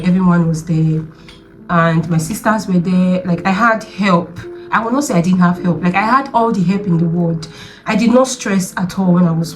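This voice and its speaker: A young woman, talking to the camera in a casual confessional vlog. She is chatty and emphatic, repeats her points and keeps checking that the viewer understands. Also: medium pitch. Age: young adult. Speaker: vlogger.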